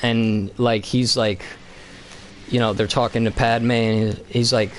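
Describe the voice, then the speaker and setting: A man's voice: medium pitch, takes it slowly, slight background noise. Rambling, swearing male game streamer. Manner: rambling, profane, animated retelling. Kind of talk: casual live-stream chat. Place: home basement.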